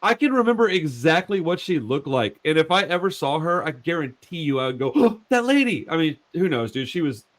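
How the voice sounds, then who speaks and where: A man in his forties hosts a podcast conversation, his voice sitting a bit high for a man. He keeps it casual and laid-back, slipping in dude and bro and stumbling over repeated words as he gets going on a story. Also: a little fast, hardly any pauses. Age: 40s. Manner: animated storyteller. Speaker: podcast host. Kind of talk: casual chat.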